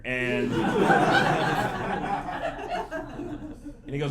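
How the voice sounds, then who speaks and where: Animated stand-up comic. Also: male voice, a little high, unhurried, pauses often, noisy background. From Birmingham, Alabama. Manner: animated, punchy delivery with loud bursts. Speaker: stand-up comedian. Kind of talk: stand-up comedy set. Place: comedy club stage with audience. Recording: echoey club, roomy and distant. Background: audience laughter.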